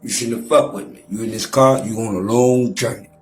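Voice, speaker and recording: A man's voice: on the low side, fairly even intonation, a little fast, roomy sound, faint music behind. A man in his forties trash-talking and taunting on a profane livestream rant, mock-rapping at times. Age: 40s.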